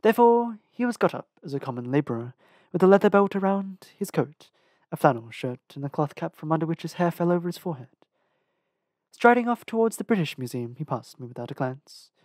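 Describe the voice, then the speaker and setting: A reader narrates a storybook chapter in a measured, careful voice of middling pitch. The pacing is deliberate, with a small restart here and there. The sound is close and completely dry. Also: very animated, a little mellow, no echo. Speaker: audiobook reader.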